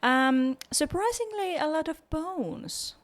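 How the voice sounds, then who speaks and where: Slow, giggly woman co-host. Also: high-pitched, lively intonation. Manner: giggly, easygoing, drawn-out speech. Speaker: podcast co-host. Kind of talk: casual podcast chat.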